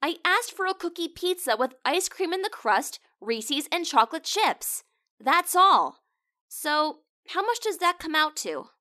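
Bright, high-pitched bubbly woman. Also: sing-song, unhurried. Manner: bubbly, then huffy and indignant. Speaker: prank caller. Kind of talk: voiced comedy prank-call skit.

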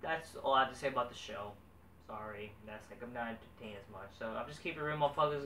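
A man's voice: mid-range voice, quick pace, fairly bright tone, far from the mic. A man reviewing a wrestling show in a casual, exasperated rant, swearing constantly. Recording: echoey room, off-mic, faint background noise.

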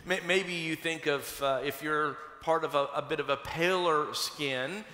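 A man from Kentucky, a pastor, preaching a sermon and telling a personal story in a conversational, animated way. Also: a little high, unhurried. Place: church sanctuary. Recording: long hall reverb from a church sanctuary.

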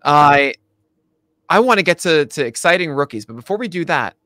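A man co-hosting a casual baseball chat show, animated, laughing often and restarting his sentences. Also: fairly high pitch, normal speed, no room sound. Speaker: podcast co-host.

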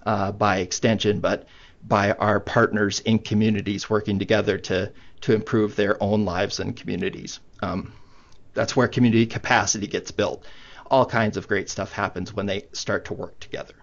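Man, low gravelly voice, relaxed webinar presenter, muffled call audio. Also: normal speed. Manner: conversational, many fillers. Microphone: computer mic on video call. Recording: muffled online meeting audio.

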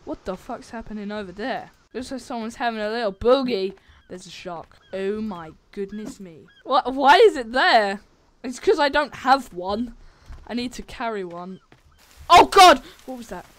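A woman's voice: fairly high pitch, animated, moderate pace, no room sound. A woman narrating a horror survival game as she plays, jumpy and swearing constantly, shrieking at scares. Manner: jumpy, swears a lot, shrieks when startled. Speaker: gaming channel host. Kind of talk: let's play commentary.

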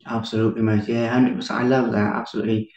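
A man's voice: lowish voice, level tone, fast talker, darkish tone, muffled recording. A man hosting a podcast interview, encouraging his guest and calling him "mate.". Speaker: podcast host. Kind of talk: casual interview chat. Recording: echoey room.

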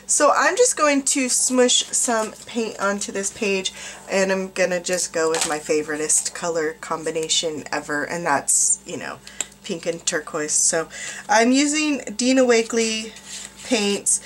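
A woman's voice: medium pitch, measured pace, a bit bright, slight background noise. A middle-aged woman from the United States, teaching art journaling in a chatty, rambling way with self-mocking asides. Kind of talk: casual craft tutorial narration.

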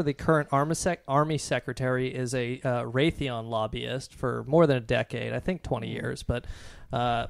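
A man's voice: medium pitch, creaky, dry recording. A man co-hosting a podcast, hesitant with many fillers as he reads from news articles. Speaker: podcast co-host. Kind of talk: casual podcast discussion.

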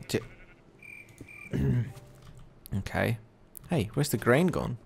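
A man's voice: lowish voice, lively intonation, a little slow, creaky, pauses often, a little mellow, a little hiss or hum. A young man commentating his own gameplay, chatty and coaxing animals along, growing easily exasperated. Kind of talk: let's play commentary.

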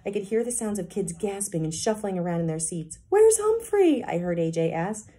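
A kindergarten teacher reading a children's book aloud, narrating with expressive storytelling. Her voice sits low and mellow, with a slightly husky edge. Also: fairly quick.

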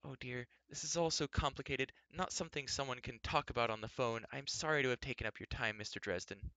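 A man voicing a nervous, apologetic adult woman with a slightly hoarse voice, speaking haltingly. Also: extremely low pitch, fairly bright tone, no room sound, voice pushed up. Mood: flustered.

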